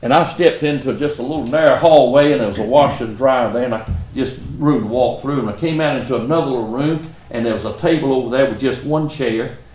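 A man's voice: medium pitch, fast talker, few pauses, a little mellow, echoey room, a little hiss or hum. A middle-aged man with a Southern US accent, preaching and telling stories in an earnest, folksy way. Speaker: pastor. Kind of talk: sermon storytelling.

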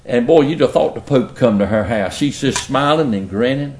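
A man's voice: medium pitch, lively intonation, moderate pace, darkish tone, reverberant. A middle-aged man with a Southern US accent, preaching and telling stories in an earnest, folksy way. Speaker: pastor. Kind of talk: sermon storytelling.

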